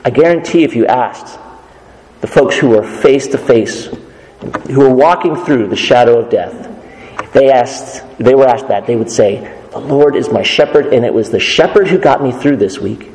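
A man preaching a sermon as pastor, earnest and measured, quoting scripture as he goes. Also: medium pitch, darkish tone, echoey room, in a large hall, poor audio.

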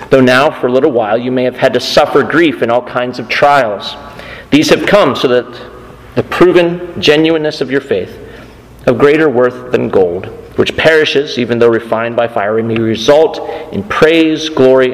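A man preaches a sermon in earnest, repeating his key lines to drive them home. His voice sits at an ordinary middle pitch. A long reverb from the hall trails after each phrase.

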